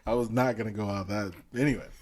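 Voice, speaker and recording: A man co-hosting a podcast, telling a story in a relaxed, wry way with chuckles. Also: fairly low pitch, quick pace. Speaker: podcast co-host. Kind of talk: casual movie review chat.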